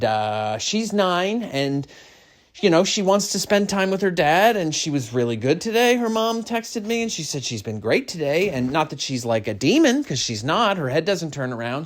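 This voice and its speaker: A middle-aged man rambling through a comic podcast monologue. His pitch bounces all over the place as he drops into mock-serious near-whispers and then jumps back up loudly. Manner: rambling and jokey, swinging between mock-solemn hush and sudden loud bursts. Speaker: podcast host.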